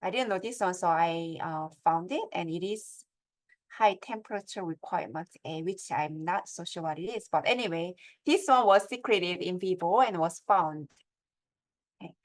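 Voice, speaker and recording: A woman's voice: on the low side, normal speed. Woman lecturing on writing. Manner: explains step by step, asks the audience checking questions.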